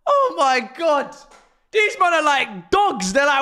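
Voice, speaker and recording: A man's voice: very high-pitched, wildly swooping pitch, slow, sharp tone. A young man, doing live watch-along commentary on a football match as a fan streamer, ranting in exasperation and mocking the play.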